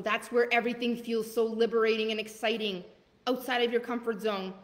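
A woman's voice: a little high, fairly bright tone. Fervent woman coach, echoing hall. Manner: fervent, exhorting with rapid-fire repeated commands. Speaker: leadership coach. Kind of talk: live motivational masterclass talk.

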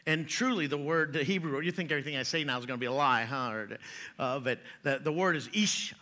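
A pastor preaches a sermon in a church sanctuary, his slightly high voice quick, bright, and forceful. He jokes in a folksy way and chuckles at his own jokes.

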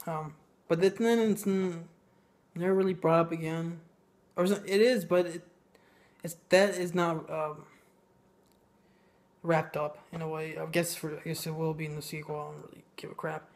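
A man giving a casual, ranting film review, blunt and sarcastic, with many pauses and fillers. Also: on the high side, steady tone.

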